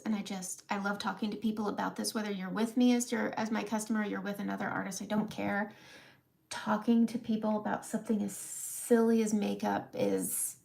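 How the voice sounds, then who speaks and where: A woman's voice: medium pitch, gravelly, mellow. A woman in her thirties talking candidly on her live makeup vlog, emotional and close to tears, laughing through it. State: close to crying. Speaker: makeup seller and vlogger.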